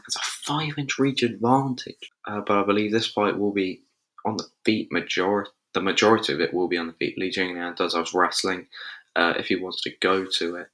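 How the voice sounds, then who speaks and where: A man's voice: low-pitched, bright, forceful tone. A man hosting a casual show, giving fight predictions in a chatty, think-aloud way with loose slang. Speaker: MMA show host.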